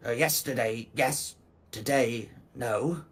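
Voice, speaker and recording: A man voicing a hooded creature with a wolf's snout, speaking in gruff, clipped phrases in a tabletop game. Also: mid-range voice, slow, noisy background, natural voice. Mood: suspicious.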